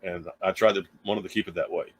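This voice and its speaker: A man's voice: low voice, steady tone, fast, rough recording. A middle-aged man telling a story in a casual, rambling way, full of restarts and asides, speaking from a small home studio. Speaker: guitar teacher and livestream host.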